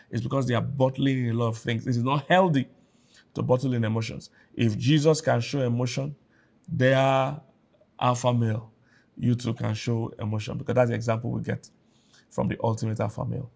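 A man's voice: medium pitch, gravelly, a little mellow. A man with a Nigerian accent, preaching a sermon as pastor, emphatic and repeating key phrases. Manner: acts out quoted speakers in a raised voice.

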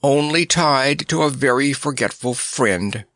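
A man's voice: medium pitch, a little slow, a bit bright, no room sound, studio quality, voice pushed up, close to an everyday voice. A man voicing a frightened, sorrowful male traveler who shrieks in terror. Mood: terrified. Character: anxious man, terrified and sorrowful.

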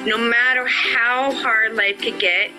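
A woman's voice: fairly high pitch, fairly even intonation, slow, low-quality recording. A middle-aged woman, an adult student, tells her personal story in an earnest, heartfelt way, often saying "you know". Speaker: adult student award winner. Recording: music playing underneath the voice. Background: music.

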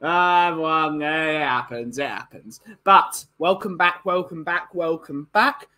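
A man's voice: a little high, animated, slow pace, pushed and bright, low-quality recording. A tired man, hosting a casual livestream and chatting as he reads out viewers' greetings. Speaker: livestream host.

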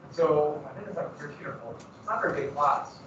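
A man's voice: a little high, fast, background noise. A male teacher chatting casually and rambling to his class in a classroom. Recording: echoey room, far from mic, muffled.

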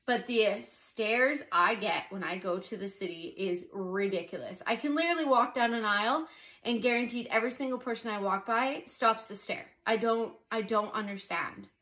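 A young pregnant woman chatting casually to camera as a vlogger, animated and exasperated in her asides. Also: mid-range voice, moderate pace.

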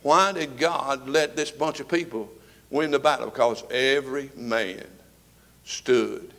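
A man, preaching a fervent sermon to his congregation, swinging between loud and soft. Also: mid-range voice, unhurried. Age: 70s. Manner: fervent preaching with rising and falling volume. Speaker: pastor. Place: church sanctuary with congregation.

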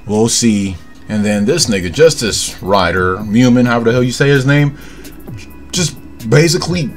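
A young man reviewing an anime episode in casual, excitable commentary, full of slang and swearing, calling the listener "bro". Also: mid-range voice. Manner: excitable, profane, slangy, says "bro" often.

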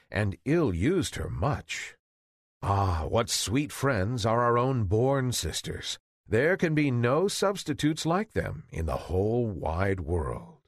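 A man reading a fairy tale aloud slowly and deliberately for English learners. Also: medium pitch, dry recording, studio quality. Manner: slow, deliberate, very expressive reading. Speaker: reader.

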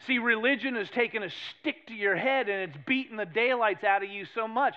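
Emphatic New England pastor, lo-fi. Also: male voice, high voice, brisk. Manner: animated, emphatic, swings between loud and hushed. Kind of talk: sermon. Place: church sanctuary.

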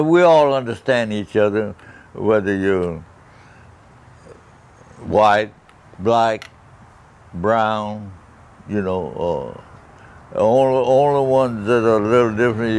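A man chats in a folksy way and uses many fillers. His voice is low. It has a gravelly edge. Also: a little mellow. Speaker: interviewee. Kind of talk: casual conversation.

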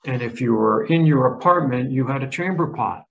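A man's voice: mid-range voice, expressive, moderate pace, gravelly, fairly bright tone, rough recording. A man in his seventies, a history professor, giving an emphatic lecture with slides and frequent restarts. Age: 70s.

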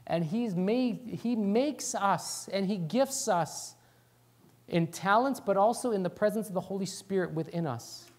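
A male pastor preaching a sermon in church, talking quickly and excitedly and sometimes dropping words. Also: high voice. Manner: talks fast and excitedly, drops words.

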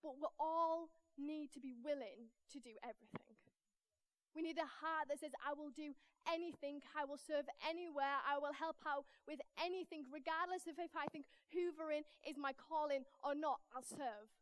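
A woman with a Northern English accent preaching a lively storytelling sermon in church, acting out the voices in her anecdotes. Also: sits high, normal speed, dry recording. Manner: animated, acts out voices in anecdotes.

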